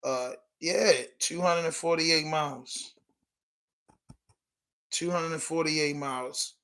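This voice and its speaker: Male podcast host, loose and emphatic, with a sharp, somewhat high voice. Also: slow, poor audio. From Baltimore. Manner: loose, emphatic, peppered with "you know what I'm saying". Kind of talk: casual livestream chat.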